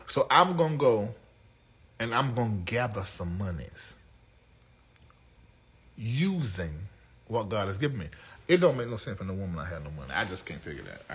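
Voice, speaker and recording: Sassy flamboyant male talk show host. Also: slightly rough. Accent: Southern US. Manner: sassy, flamboyant, swings from low mutters to loud outbursts. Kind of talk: live talk show monologue to chat.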